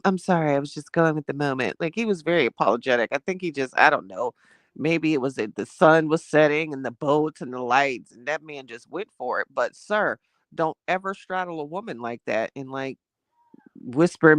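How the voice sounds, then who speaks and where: A woman's voice: on the low side, no room sound. A young woman, livestreaming and telling a dating story to her chat in a casual, laughing way. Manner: animated, laughing, reads chat names aloud. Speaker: livestream host.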